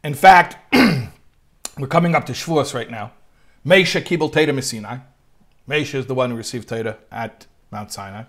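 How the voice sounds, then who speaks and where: A man teaching a text study class, reading passages aloud and translating them line by line, with lively rises when he quotes. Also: medium pitch, moderate pace. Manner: reads Hebrew text then translates line by line; animated, voice rising when quoting. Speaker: Torah teacher.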